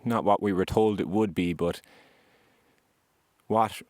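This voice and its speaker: A man hosting a vlog, speaking gently and earnestly about gratitude and acceptance while out on a hike. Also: lowish voice, fairly even intonation, dry recording. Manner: gentle, earnest, spiritual, unhurried with pauses. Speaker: podcast host sharing his survival story. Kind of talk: reflective spoken vlog on a hike. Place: outdoors on a hillside.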